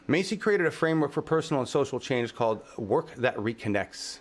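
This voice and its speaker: A man hosting his own channel, delivering an impassioned, profane rant outdoors in his yard, swinging between grief and shouting. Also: mid-range voice, animated, a little fast, hardly any pauses. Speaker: channel host.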